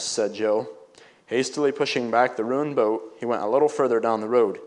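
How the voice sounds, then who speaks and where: A man reading an old-fashioned story aloud, now and then pausing to explain it in plain words. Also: mid-range voice. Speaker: story reader.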